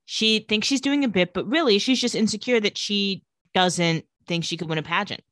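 A woman's voice: mid-range voice, moderate pace, no echo. A woman co-hosting a casual podcast, retelling a TV episode and acting out the characters' lines. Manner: animated retelling with acted-out quotes. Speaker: podcast co-host recapping a TV episode. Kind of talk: casual chat.

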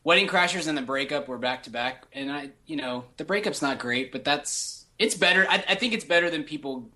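A man's voice: on the high side, a little fast, pushed and bright. A man co-hosting a podcast in casual movie chat, rambling with many restarts. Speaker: podcast co-host.

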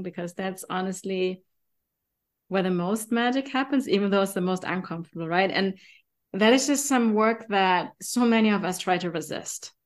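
A woman with a German accent, hosting a podcast in casual, enthusiastic chat with frequent fillers. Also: mid-range voice. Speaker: podcast host.

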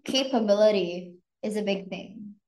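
A woman's voice: mid-range voice, normal speed, a little mellow. Frank chatty woman in an echoey room. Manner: frank, filler-heavy, lots of "like". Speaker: podcast host. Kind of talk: casual relationship chat.

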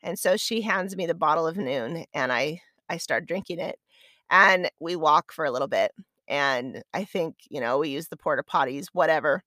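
A woman's voice: sits low, animated, moderate pace, pushed and bright, no echo, clean studio sound. A woman hosting her own podcast, telling a personal story in a chatty, conversational, self-deprecating way. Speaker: podcast host. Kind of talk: casual storytelling.

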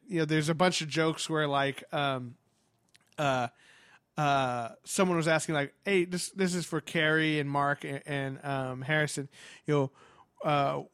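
A man excitedly telling a story in casual chat, animated, with lots of fillers and restarts. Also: fairly high pitch, no room sound, clean studio sound.

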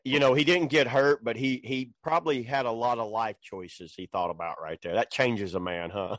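A man's voice: medium pitch, normal speed, a bit bright, no room sound. Casual guy chatting, cussing and laughing a lot, dry sound. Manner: laid-back, swears, laughs often; colloquial storyteller. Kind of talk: casual chat.

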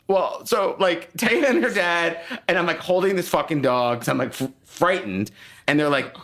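A man's voice: mid-range voice, normal speed. A middle-aged man co-hosting a podcast, telling a long story in casual chat, acting out the people in it and swearing freely. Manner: animated storyteller who acts out voices, swears freely. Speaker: podcast co-host.

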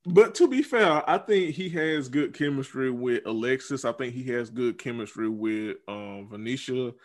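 A man's voice: mid-range voice, expressive, moderate pace. A man co-hosting a podcast in casual chat, rambling with many ums and restarts. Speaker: podcast co-host. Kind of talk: casual chat reviewing a reality dating show.

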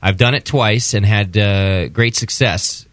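A man reading out a listener's question on a podcast in a plain, steady way. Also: on the low side, a little slow, no room sound. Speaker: show producer reading questions.

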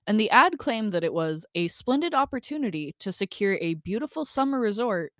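A woman's voice: medium pitch, sing-song, brisk, no room sound, clean studio sound. A woman co-hosting a podcast in casual chat, upbeat, laughing often and reading from her notes. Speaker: podcast co-host.

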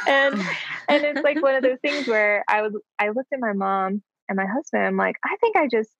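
A woman in her thirties telling a personal story in a casual chat, animated and full of fillers, often acting out her own past lines. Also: a little high, normal speed, no room sound. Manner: animated, many fillers, quotes herself in lively voices. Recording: slightly dull dry sound.

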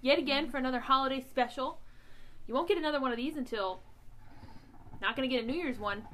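A woman's voice: high voice, quick pace, pushed and bright. A young woman hosting a casual family podcast from home, jokey and rambling, laughing often. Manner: giggly, jokey, rambling with many fillers. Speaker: podcast host.

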